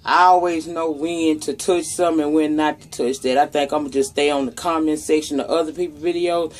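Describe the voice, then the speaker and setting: A woman's voice: deep voice, fairly even intonation, fairly quick. A woman with a Southern US accent giving casual, profane commentary on celebrity news as a vlogger, talking straight to her viewers. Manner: chatty, profane, talks straight to viewers as "y'all".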